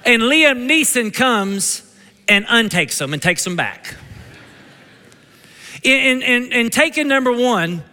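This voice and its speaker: High-voiced pastor with a Kentucky twang. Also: male voice, takes it slowly, pauses often. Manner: energetic, joking, calls out for amens. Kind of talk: sermon. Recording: long reverb of a church hall.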